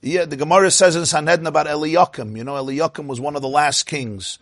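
Man, rabbi giving a Torah class; higher voice, dry close sound, animated and questioning. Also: quick pace, no echo. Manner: animated, asks the audience "huh?" and acts out quotes.

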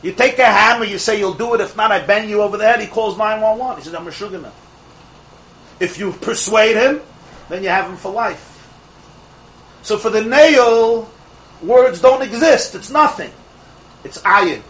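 A man teaching a Torah class to a live group of students, an animated storyteller who fires off rhetorical questions and laughs at his own jokes. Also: high-pitched, moderate pace, long pauses, low-quality recording. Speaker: religious teacher.

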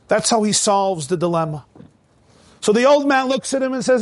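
A rabbi giving a sermon in a fairly high voice, telling stories with energy and acting out each voice. The sound is close and dry, with no room echo. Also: male voice, normal speed. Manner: animated storytelling, acting out quotes.

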